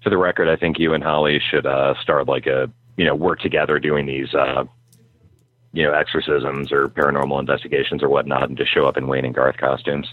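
A man co-host dropping dry, wry quips on a podcast. His voice is extremely deep, and he talks quickly. He comes through a tinny, phone-like line with dry sound. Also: little pitch movement, dry recording. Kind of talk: casual chat.

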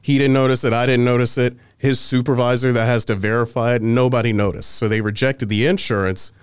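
Smooth-voiced man telling a story. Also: medium pitch, brisk, no echo, studio quality. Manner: animated, acts out quoted exchanges, swears freely. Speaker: podcast co-host telling a story. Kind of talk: casual storytelling chat.

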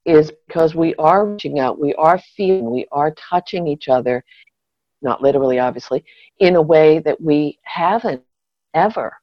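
A woman's voice: sits low, moderate pace, no echo, lo-fi sound. A woman co-hosting a casual chat, thinking aloud in a reflective, wry, digressive way. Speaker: podcast co-host.

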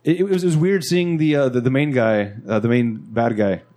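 A man co-hosting a casual movie podcast, halting and repeating words as he thinks aloud. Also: medium pitch, warm tone. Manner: halting, repeats words and stumbles over starts. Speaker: podcast co-host.

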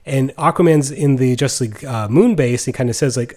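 A man's voice: medium pitch, fairly quick, hardly any pauses, warm tone. Thoughtful man in casual podcast chat. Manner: thoughtful, hesitant, with restarts. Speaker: podcast co-host.

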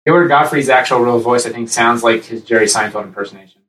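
Male podcast co-host, chatty and rambling, slightly off-mic, middle pitch. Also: quick pace, echoey room, distant mic, rough recording. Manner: rambling, animated, jumps into high-pitched impressions. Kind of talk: casual chat.

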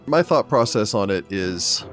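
A man with a fairly low voice talks as a game master. He speaks in a measured, deliberate way. Faint music plays behind him. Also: lively intonation, fairly bright tone. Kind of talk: casual group chat.

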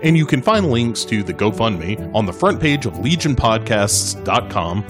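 Male promo read, friendly and lively, over clear music bed. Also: lowish voice, normal speed. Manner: friendly, conversational appeal. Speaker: podcast network promoter.

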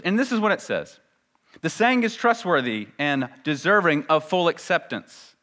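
A man preaching a sermon as pastor, emphatic, slowing down to stress key words and asking rhetorical questions. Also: mid-range voice, sharp tone. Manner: pauses and slows down to stress words.

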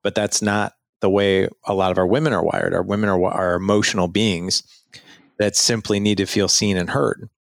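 Speaking at a moderate pace in a low, gravelly voice, a middle-aged podcast guest gives casual, earnest marriage advice to men, bringing it to life with acted-out scenes and quotes. The recording is clean studio sound without echo.

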